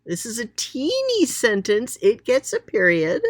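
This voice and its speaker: Slow, lively-voiced woman teaching grammar. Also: fairly high pitch, no room sound, studio quality. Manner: chatty, thinking aloud while pointing at examples. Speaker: writing teacher. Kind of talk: explaining a grammar lesson.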